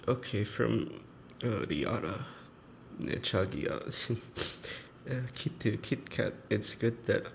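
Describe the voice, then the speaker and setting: A man's voice: fairly low pitch, creaky, slight background noise. A man reading farewell notes aloud, mixing Korean phrases into casual English and laughing often, emotional and teary. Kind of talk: casual chat.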